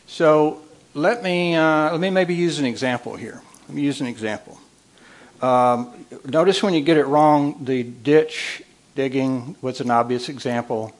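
A man's voice: on the high side, measured pace. A man, a marriage counselor giving a humorous talk with folksy storytelling and repeated phrases.

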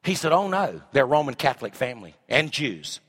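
Middle-aged man, pastor mid-sermon, bright ringing tone, big dynamic swings. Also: medium pitch, big pitch swings, brisk, breathy edge. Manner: swings from shouting to hushed asides.

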